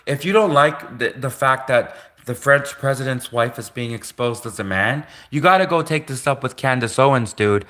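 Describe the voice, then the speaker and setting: Young Canadian guy, streamer, bright tense tone, loose repetitive rambling with frequent laughs. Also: medium pitch. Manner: repetitive, laughing often, casual filler-heavy. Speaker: livestream host. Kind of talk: rambling live commentary.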